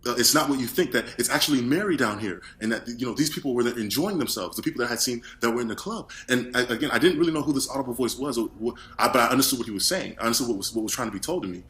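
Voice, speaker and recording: Man telling his own testimony, quick delivery, frantic and full of restarts. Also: mid-range voice, fairly bright tone. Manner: frantic, rambling, many restarts and repeated words. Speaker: witness giving a testimony. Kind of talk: personal testimony monologue.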